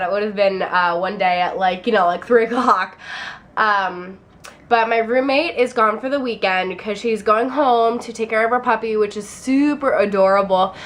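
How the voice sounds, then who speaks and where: A woman's voice: medium pitch, a bit bright, poor audio. A young woman, a college student, chatting casually and rambling through a vlog tour of her dorm room, sounding a little tired. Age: young adult. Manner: chatty and rambling, with many fillers.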